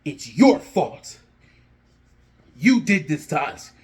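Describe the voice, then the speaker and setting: A man acting out a young male wrestler who has been betrayed and is furious, shouting accusations and threats as he retells a storyline. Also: a little high, lively intonation, slow pace. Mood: vengeful. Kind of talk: acted-out fan storytelling.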